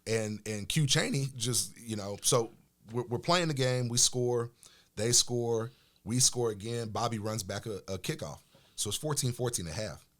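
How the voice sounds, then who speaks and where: A middle-aged man from Oklahoma, a podcast guest telling casual, animated stories about his football days. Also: mid-range voice, moderate pace. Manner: animated storyteller, acts out quoted voices. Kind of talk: casual storytelling chat.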